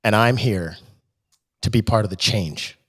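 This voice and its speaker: A man's voice: lowish voice, a little slow, a bit bright, slightly rough, voice pushed down. A man doing a solemn star athlete in a mock documentary. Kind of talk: comic skit impression.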